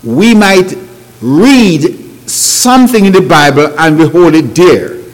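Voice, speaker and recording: Slow, lively preacher man in a hall. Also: on the high side. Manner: non-native grammar, emphatic rising phrases and rhetorical questions. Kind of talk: sermon. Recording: long hall reverb.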